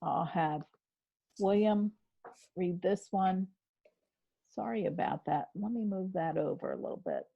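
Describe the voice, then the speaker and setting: A woman's voice: lowish voice, lively intonation, a little slow, creaky, long pauses, breathy edge, dull audio. A woman teacher leading an online spelling lesson, patient and encouraging as she talks through what she does on screen. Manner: patient, encouraging, narrates her screen actions. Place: home, on a video call. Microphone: video call.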